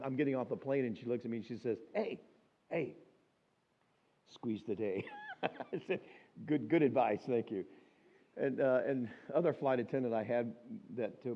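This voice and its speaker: A man speaking at a school week of prayer, telling stories from his life in an animated way and acting out the voices of the people in them. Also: medium pitch. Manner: animated storyteller, acts out quoted voices. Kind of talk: storytelling sermon. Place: school chapel or auditorium. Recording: dull lo-fi sound.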